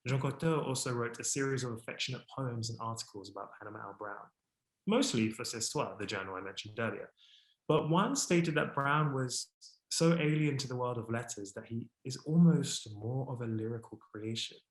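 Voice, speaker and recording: An expressive man presents a history talk, his voice rising with enthusiasm at the high points. He speaks at a middling pitch. The sound carries a noticeable echo from the room around him. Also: normal speed. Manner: expressive, warm about his subject, rises in pitch and volume when excited; reads a French poem aloud with care. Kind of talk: presentation to an online audience.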